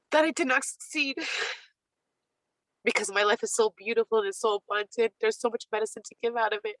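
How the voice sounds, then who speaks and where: A woman's voice: fairly high pitch, steady tone, brisk, fairly bright tone, no echo, poor audio. A woman on a video call, speaking as a panelist in earnest, heartfelt testimony with emphatic repetition. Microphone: webcam on video call.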